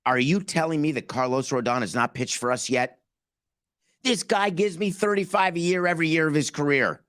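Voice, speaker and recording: A man's voice: fairly high pitch, brisk, fairly bright tone, voice pushed up, close to an everyday voice. A man mocking a whiny team executive. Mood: whining disbelief. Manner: exaggerated disbelief, mock whining. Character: whiny self-pitying male team executive.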